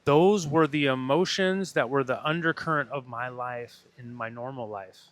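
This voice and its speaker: A man's voice: mid-range voice, moderate pace, no echo. Earnest man telling a personal story. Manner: earnest, swears casually, acts out his own inner voice. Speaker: podcast guest, breathwork facilitator. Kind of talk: casual storytelling interview.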